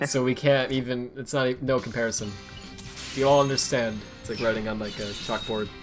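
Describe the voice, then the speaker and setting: A young man giving loose, casual commentary over a game stream, rambling and correcting himself mid-sentence. His voice sits at an ordinary pitch, and game music plays clearly behind him. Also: steady tone, moderate pace, pauses often. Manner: rambling, filler-heavy, self-correcting.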